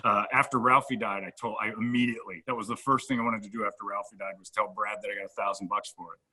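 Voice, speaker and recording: A man's voice: on the low side, fast. A middle-aged man, a radio host, telling a comedic backstage story in casual chat. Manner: animated anecdote-telling, acts out quoted lines.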